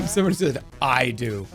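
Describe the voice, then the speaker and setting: A live streamer in his forties talks casually to his audience, arguing a point in a rambling, animated way, with plenty of fillers and some swearing. His voice is mid-range.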